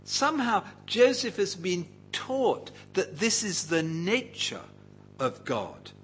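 A man's voice: high voice, very animated, slow pace, slight background noise, poor audio. A man preaching a Bible teaching sermon in an engaging way, often putting questions to his listeners.

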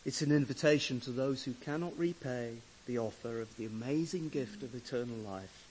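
A man preaching a sermon with measured, deliberate pauses, who swells to emphatic loudness when he reads scripture. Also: mid-range voice, a little hiss or hum, low-quality recording. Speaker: pastor.

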